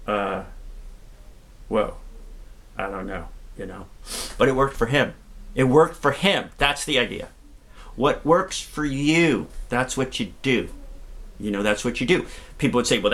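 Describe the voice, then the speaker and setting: A middle-aged man, a singer and cancer survivor, telling upbeat, joking stories from his own experience. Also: medium pitch. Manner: upbeat, joking, animated storyteller. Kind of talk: singing then storytelling talk.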